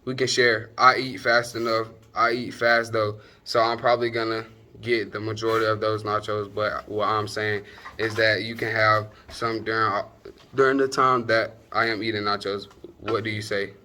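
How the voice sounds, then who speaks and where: A man's voice: fairly low pitch, flat delivery, moderate pace, bright, forceful tone. A young man performing a comedic monologue as a cocky boyfriend stumbling through an apology, correcting himself as he goes. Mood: sheepish. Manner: awkward, self-correcting, boastful. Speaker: student actor.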